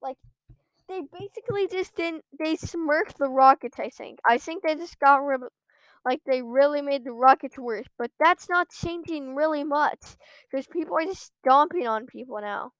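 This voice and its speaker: High-voiced woman ranting over gameplay. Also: normal speed, dry recording. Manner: exasperated ranting with frequent outbursts. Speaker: gamer streaming her own play. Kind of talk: live gameplay commentary. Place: at a computer.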